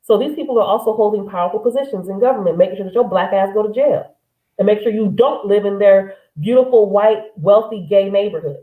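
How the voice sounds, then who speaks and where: Fast-talking blunt woman in a roomy space. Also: medium pitch, narrow, tinny audio. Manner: emphatic, blunt. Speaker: podcast co-host. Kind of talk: casual livestream discussion.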